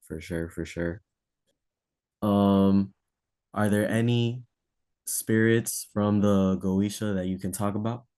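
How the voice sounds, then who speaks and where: A man's voice: lowish voice, fairly even intonation, slow, long pauses, dark tone, smooth. A man interviewing a guest, giving short, agreeable replies and asking questions. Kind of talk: casual interview talk.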